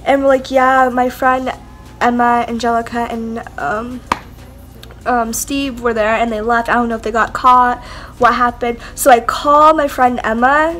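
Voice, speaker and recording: A woman's voice: a little high, level tone, measured pace, fairly bright tone, faint music behind. A young woman vlogger telling a rambling story in casual chat, full of "like" and "whatever". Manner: rambling, heavy use of "like" and "whatever".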